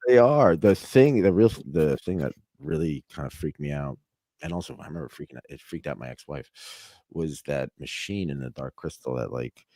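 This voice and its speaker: A male podcast host with a very deep voice, chatting casually with his guests. He gushes with effusive thanks and enthusiasm. The sound is dry, like a video call. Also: animated, moderate pace, dark tone, no room sound. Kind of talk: casual interview chat.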